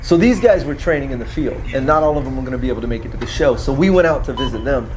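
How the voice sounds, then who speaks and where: A man narrates a travel vlog in a wry, joking way, his voice sitting at an ordinary middle pitch. A faint hiss of noise runs under his talk. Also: rapid-fire. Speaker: host.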